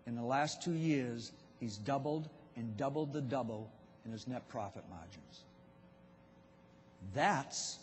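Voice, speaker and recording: A Boston-accented man delivers a motivational business talk, speaking slowly and addressing the crowd directly. His voice sits high and carries a husky edge. The sound rings with the long reverb of a large event hall. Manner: storytelling, addresses audience directly.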